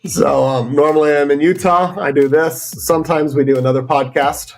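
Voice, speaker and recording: A man's voice: fairly high pitch, steady tone, moderate pace, darkish tone. A man co-hosting a podcast while getting over a chest cold, with dry, self-mocking humour, in a hotel room. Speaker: podcast co-host.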